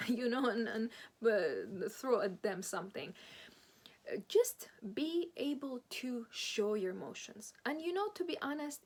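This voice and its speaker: A woman with phrasing giving earnest, animated relationship advice in a solo monologue. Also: a little high.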